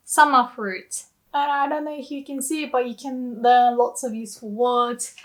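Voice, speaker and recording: A woman's voice: fairly high pitch, steady tone, moderate pace. A woman giving a casual language lesson, chatty and giggly, explaining words through everyday examples. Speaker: Japanese language teacher.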